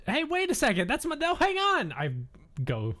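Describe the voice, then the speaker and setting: A woman's voice: sits high, wildly swooping pitch, moderate pace, fairly bright tone. A woman player in a tabletop game, joking and sarcastic.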